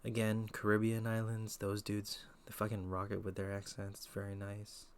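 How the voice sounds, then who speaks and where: A man's voice: on the low side, completely flat delivery, moderate pace, clear, resonant tone. A man in his twenties from the Philippines, chatting casually and slangily on a live stream through a headset. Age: 20s. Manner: laid-back, slangy, chatty.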